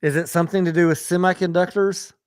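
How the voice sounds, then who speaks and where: A man's voice: sits high, fairly even intonation, quick pace, clear, resonant tone, dry recording, clean studio sound. Tired, swearing livestream host man. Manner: profane, joking, reads viewer comments aloud. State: tired late at night. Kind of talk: late-night casual chat with guests. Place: home in Texas.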